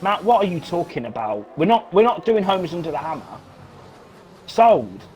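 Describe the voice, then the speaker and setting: Excitable race commentator, high voice. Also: male voice, fast talker, soft background music. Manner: excitable, swears when frustrated, repeats himself. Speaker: sim racing commentator. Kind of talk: live esports race commentary.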